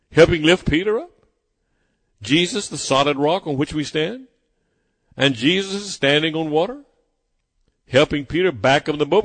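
A fairly high-voiced man delivers a sermon in an emphatic, insistent way, circling back to the same phrases to press them home. His voice rings out with a long, lingering reverb, as if filling a large hall. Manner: emphatic, repeats phrases for weight. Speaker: preacher.

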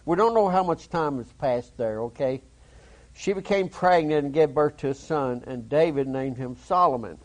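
Guy preaching, reads the psalm slow then talks it over folksy, voice sits a bit high. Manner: folksy, addresses listeners as folks; reads scripture slowly, explains in plain everyday speech. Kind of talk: sermon, reading scripture aloud.

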